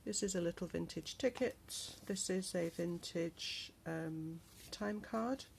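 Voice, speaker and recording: Over a slight hiss or hum, a woman's lowish, gravelly voice presents her handmade travel journal. The crafter keeps it chatty and unhurried, peppering this casual show-and-tell vlog with lots of ums.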